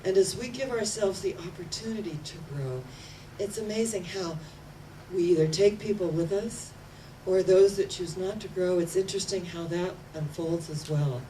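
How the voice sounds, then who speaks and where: An older woman minister delivers an emphatic sermon, driving her points home by repeating words with rising and falling force. Her voice sits slightly low. She is picked up by a distant mic, with faint noise underneath. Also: normal speed, mellow. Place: church platform.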